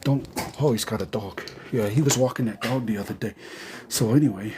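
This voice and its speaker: Rambling deadpan man on a live stream. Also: medium pitch, a little fast, background noise. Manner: meandering, offhand, deadpan. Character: undead zombie entertainer persona, man. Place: garage.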